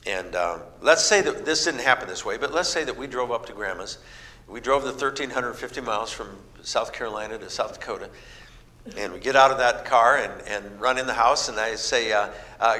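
Middle-aged guy preaching, folksy stories, bright voice, big echoey church hall. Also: medium pitch, brisk. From American Midwest. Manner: folksy storytelling, animated voices for quoted people. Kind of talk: sermon. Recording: reverberant hall with faint noise.

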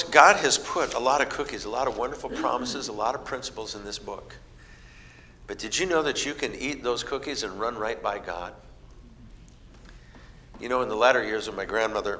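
A middle-aged man preaching a sermon, telling folksy stories and acting out the people in them. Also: on the low side. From American Midwest. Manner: folksy storytelling, animated voices for quoted people. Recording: reverberant hall with faint noise.

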